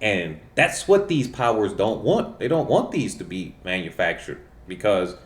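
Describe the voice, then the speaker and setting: A man's voice: fairly low pitch, sing-song, unhurried. A man hosting his own channel, talking in a casual, rambling monologue full of fillers and self-corrections. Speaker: channel host. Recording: roomy echo.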